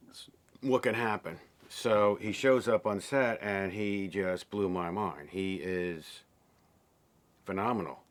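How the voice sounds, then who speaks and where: A man with a fairly low voice talks through how he made a film. His delivery is loose and unscripted, full of fillers and restarts. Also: slow. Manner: relaxed, rambling with fillers and restarts. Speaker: film director. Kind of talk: behind-the-scenes interview.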